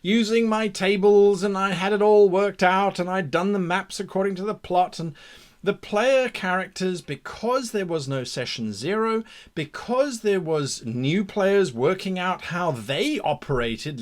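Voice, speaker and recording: A middle-aged man hosting a game master advice show, talking through his own mistakes in a reflective, self-critical way with lively emphasis. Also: sits high, a little slow. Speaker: game master tips host. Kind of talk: talking-head advice monologue.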